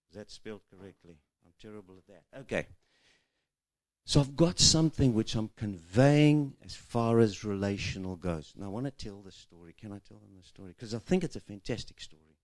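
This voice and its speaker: A man giving a relaxed teaching talk on marriage, telling stories and drawing on a whiteboard. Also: on the low side, no room sound. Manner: chatty, storytelling, acts out quoted voices. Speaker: marriage seminar speaker. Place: room with a whiteboard.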